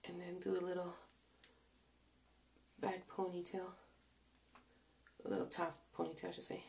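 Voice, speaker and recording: A tired, out-of-breath young woman talking casually while doing her hair, slowly and softly, often dropping to a whisper. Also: lowish voice, little pitch movement, gravelly, a little hiss or hum. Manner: slow, soft, often trailing into whispers. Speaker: vlogger.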